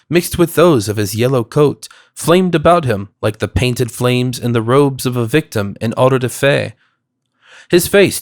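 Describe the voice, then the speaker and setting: A man narrates a classic novel in a measured, steady way. His voice sits at a middle pitch. The studio recording is dry and close. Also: no echo. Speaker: audiobook narrator. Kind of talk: scripted narration.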